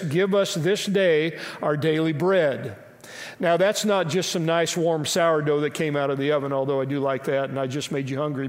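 A high-pitched male pastor delivers a sermon in a church sanctuary, and his voice trails off into a long hall reverb. He is emphatic, asks many rhetorical questions and slips in jokes along the way.

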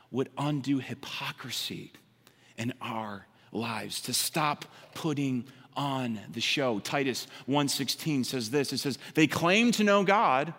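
A man preaching a sermon, animated, sometimes mimicking others in a higher voice and dropping to a quiet, intense tone for emphasis. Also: long reverb tail. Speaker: pastor.

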